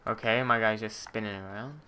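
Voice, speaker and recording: A man's voice: fairly low pitch, steady tone, fairly quick, pushed and bright, clean tone. A young man commentating on his gameplay, muttering and swearing at the game in frustration. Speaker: let's play gamer.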